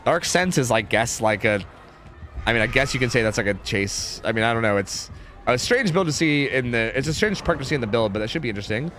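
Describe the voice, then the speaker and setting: A man's voice: medium pitch, lively intonation, fast, fairly bright tone, a little hiss or hum. A young man casting a game match live on stream, chatty and full of fillers, reading chat as he goes. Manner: chatty, many fillers, reads chat aloud. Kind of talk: casual live commentary. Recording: faint music behind.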